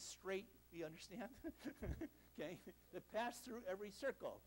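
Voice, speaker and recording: An older man lectures in a hall, his voice pitched high for a man. He swings through his pitch freely, animated and storytelling, with dry jokes at his own expense. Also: slow pace. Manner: animated storytelling, self-deprecating humor. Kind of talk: university lecture.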